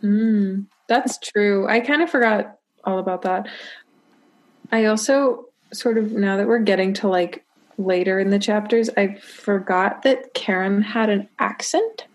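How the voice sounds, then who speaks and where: A woman's voice: mid-range voice, unhurried. A young woman co-hosting a casual book-club podcast, giggly and rambling, full of "like" fillers. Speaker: podcast co-host.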